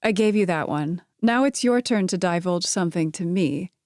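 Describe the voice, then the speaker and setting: A woman's voice: fairly low pitch, animated, moderate pace, a little mellow, no echo, clean studio sound, lightly acted. A woman voicing a witty young woman in a romance story, speaking in a teasing, quippy way.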